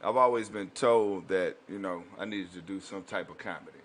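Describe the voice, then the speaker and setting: A man's voice: low-pitched, normal speed, a bit bright, a little hiss or hum. A young man, a comedian, telling stories in a casual, laid-back drawl in a radio studio. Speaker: guest comedian. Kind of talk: casual storytelling.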